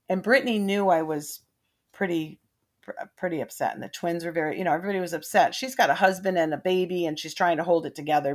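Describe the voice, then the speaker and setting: A middle-aged woman, a mother, telling family ghost stories in a rambling, casual way, with many restarts and quoted voices. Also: fairly low pitch. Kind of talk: casual storytelling.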